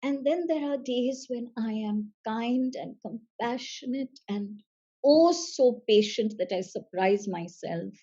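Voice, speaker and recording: A woman speaking as a seminar facilitator, in a measured, emphatic way that repeats phrases for weight. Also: on the high side, dark tone, dull audio. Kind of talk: slow motivational seminar talk.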